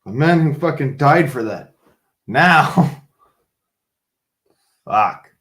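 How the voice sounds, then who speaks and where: A man's voice: fairly high pitch, lively intonation, extremely slow, a bit bright. A man hosting a livestream, chatting casually to viewers in a rambling, profane way and laughing often. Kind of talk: casual rant to a live chat.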